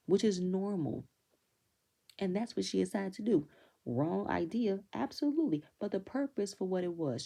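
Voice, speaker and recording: A woman's voice: lowish voice, gravelly, dark tone. A woman giving a blunt, opinionated recap of a reality TV episode, swearing freely and acting out quotes in raised voices. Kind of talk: casual recap commentary.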